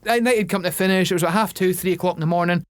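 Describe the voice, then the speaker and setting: A man's voice: sits high, steady tone, racing, no echo, clean studio sound. A Scottish man with an Aberdeen accent co-hosting a comedy podcast, joking loosely and stumbling over his restarts. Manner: joking, stammering restarts, bursts into sung chants. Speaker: co-host. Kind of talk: casual comedy chat.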